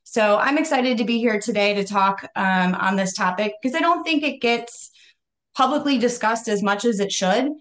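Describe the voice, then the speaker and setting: A woman guest on a live talk show who founded her own company, speaking earnestly and at a measured pace over a video call. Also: medium pitch. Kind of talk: interview talk.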